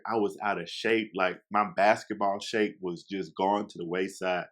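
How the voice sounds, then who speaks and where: A young man with a fairly low voice tells a casual story to his listeners. He is chatty and animated, slipping into quoted lines and talking straight to the people listening. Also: moderate pace, few pauses. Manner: chatty, addresses listeners directly.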